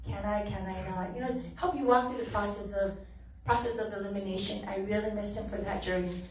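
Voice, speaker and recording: A woman's voice: mid-range voice, fairly even intonation, fairly quick, slight background noise. A middle-aged woman giving an earnest, heartfelt church testimony, often laughing as she speaks. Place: church hall. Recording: very echoey hall, mic from far off.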